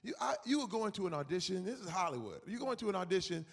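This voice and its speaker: Man in his forties, conference guest; raised pitch, gravelly edge, lively storyteller, hall echo. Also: rapid-fire. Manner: animated, acts out quoted voices, emphatic. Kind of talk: on-stage conversation. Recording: reverberant hall.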